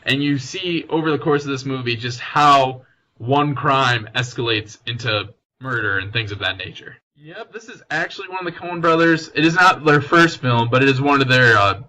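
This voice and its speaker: Bright-voiced young male podcast host. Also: medium pitch, moderate pace, low-quality recording. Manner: chatty, summarizes plot, frequent restarts. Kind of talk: casual film discussion.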